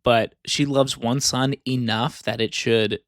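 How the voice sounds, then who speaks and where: A man's voice: medium pitch, steady tone, no room sound. Rambling man chatting in a dry room. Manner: rambling, halting, many restarts and fillers. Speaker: podcast co-host. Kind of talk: casual discussion.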